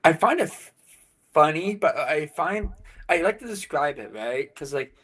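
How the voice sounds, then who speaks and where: A man's voice: on the high side, expressive, moderate pace, a bit bright, husky. A man from England, a brewery co-founder, chatting as a podcast guest, rambling with lots of "you know" and "like". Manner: rambling, many fillers and restarts. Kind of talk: casual interview chat.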